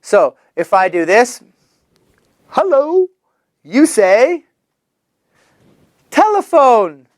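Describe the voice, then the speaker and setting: A man leads a children's English vocabulary lesson. His voice swoops up and down in a lively sing-song, and he speaks very slowly. Each word is stretched out and repeated on a close, dry mic. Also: sits high, no echo. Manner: animated, sing-song, drawn-out repetition of words.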